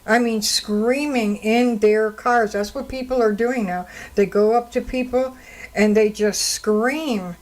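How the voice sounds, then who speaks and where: A woman's voice: on the high side, steady tone, slow pace, a little mellow, poor audio. A woman radio host and counselor talking on her own into a studio microphone, telling stories in an indignant, conversational way. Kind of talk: solo radio talk commentary.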